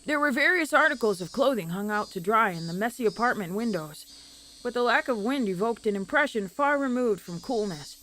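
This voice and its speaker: Woman, visual novel narration, expressive, a bit high-pitched. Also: brisk, slight background noise. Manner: expressive reading with self-corrections. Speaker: reader of story narration.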